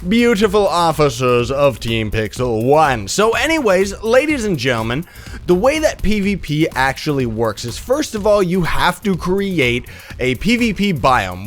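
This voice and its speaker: Sick young man hosting a game tutorial. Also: a little high. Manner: upbeat, rambling explanations. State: sick, rough voice. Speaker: gaming channel host. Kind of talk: let's play tutorial commentary.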